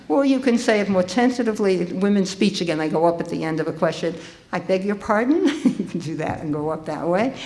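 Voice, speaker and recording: An older woman giving a conference talk to an audience, speaking in a lively, conversational way with frequent ums and restarts. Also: medium pitch. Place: conference hall.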